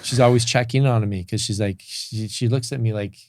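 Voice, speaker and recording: Man, podcast guest, low gravelly voice, candid and emotional, lots of restarts, dry recording. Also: fairly even intonation, fairly quick, darkish tone, no echo. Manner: emotional, open, many restarts and "like". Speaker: podcast guest, business coach. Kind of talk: candid conversational storytelling.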